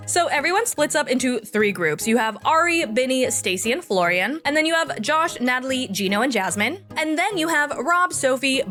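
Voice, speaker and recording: A woman's voice: on the high side, a bit bright. A woman giving a sassy, slangy, casual recap of a reality show. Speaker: recap vlogger. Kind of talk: casual comedic recap narration.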